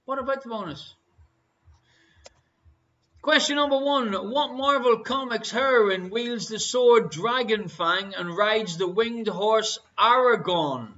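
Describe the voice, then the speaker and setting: A man's voice: sits high, slow, sharp tone. An Irish man hosting a casual online quiz show, reading out questions and answers with joking banter and hesitant fillers. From Ireland. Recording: muffled, lo-fi stream audio.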